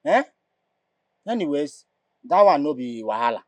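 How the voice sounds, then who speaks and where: A man's voice: fairly high pitch, very animated, moderate pace, long pauses, no room sound, highs cut off. Casual Nigerian man, dry sound. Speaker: son in a comedy skit. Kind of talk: comedic acting.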